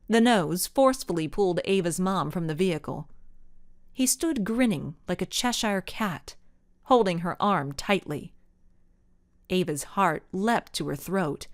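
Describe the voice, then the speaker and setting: Expressive woman narrating a storybook. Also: medium pitch, no echo, clean studio sound. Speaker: audiobook narrator. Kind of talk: scripted narration.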